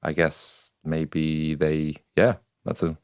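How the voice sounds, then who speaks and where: A man's voice: very deep voice, completely flat delivery, slow, a little mellow, clear, resonant tone, no echo, clean studio sound. A man co-hosting a podcast, chatting casually, hesitant at times and playful. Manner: hesitant and playful, with trailing-off remarks. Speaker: podcast co-host. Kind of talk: casual chat.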